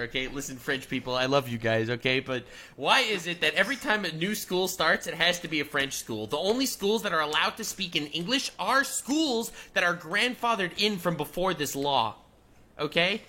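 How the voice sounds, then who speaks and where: A man's voice: a little high, animated, a little fast, sharp tone. A man from Quebec chatting as a podcast guest, emphatic and prone to ranting. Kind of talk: casual chat.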